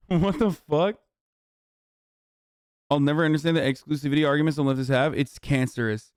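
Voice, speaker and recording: A man's voice: fairly high pitch, moderate pace, long pauses, clean tone, no room sound, clean studio sound. A young adult man streaming, ranting heatedly and profanely at his chat in casual reaction commentary.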